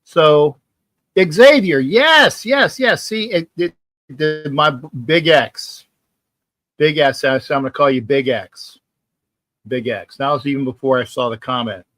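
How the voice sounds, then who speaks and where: A man's voice: mid-range voice, fairly even intonation, a little slow, a bit bright. A man hosting a live sports talk stream, chatting casually and reading viewer comments, rambling and often repeating himself. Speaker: sports talk livestream host.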